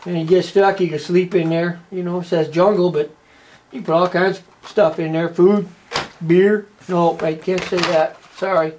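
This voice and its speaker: A man's voice: sits high, fairly even intonation, normal speed, darkish tone, a little hiss or hum. A man with a Canadian accent giving casual, rambling unboxing commentary, tagging his lines with "eh" and plenty of "uh". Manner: folksy, rambling, tags lines with "eh". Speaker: toy unboxing presenter.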